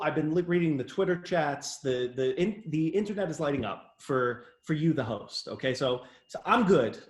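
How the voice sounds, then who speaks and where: A man's voice: a little high, expressive, normal speed, few pauses. A man from New York State, a guest business owner, talking in a playful, teasing way with stumbling restarts. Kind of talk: casual interview. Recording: echoey room.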